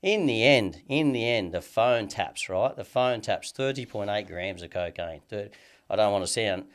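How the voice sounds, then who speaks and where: A man's voice: fairly low pitch, lively intonation, normal speed. An Australian man telling a long story in casual chat as a podcast guest, swearing heavily and rambling with lots of "you know what I mean".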